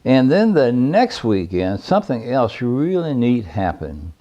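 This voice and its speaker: Recounting his caving past, the older man speaks a little slowly in a dark, mid-range voice with big pitch swings. His stories ramble in a folksy, plain way, and the recording is muffled.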